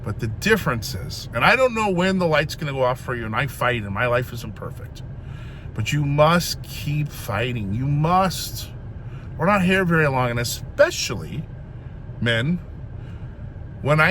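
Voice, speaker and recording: A man's voice: medium pitch, fairly bright tone, a little hiss or hum. A man in his fifties giving a rambling, emphatic motivational talk in a blunt manner, swearing freely. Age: 50s. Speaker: vlogger. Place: gym.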